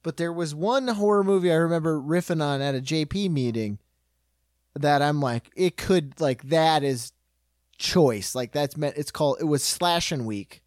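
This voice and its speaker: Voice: mid-range voice, normal speed, a little mellow, no room sound, studio quality. A person in a casual chat, playful and teasing, rambling through a story.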